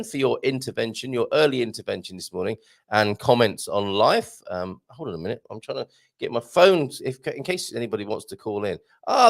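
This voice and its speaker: A man from the British Isles hosts a live show from a small studio. He reads out listener messages and wanders off into jokey asides. His gravelly voice rises and falls a lot. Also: mid-range voice. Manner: chatty, rambling, jokey asides. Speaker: radio show host.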